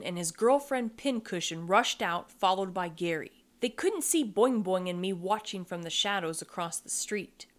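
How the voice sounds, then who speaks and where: A woman reading a first-person story aloud as podcast host, wry and expressive. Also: mid-range voice.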